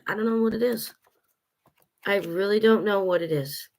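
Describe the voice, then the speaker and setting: Blunt young woman vlogger, lowish voice, swears and vents in a casual monologue. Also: moderate pace. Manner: blunt, swears freely, venting.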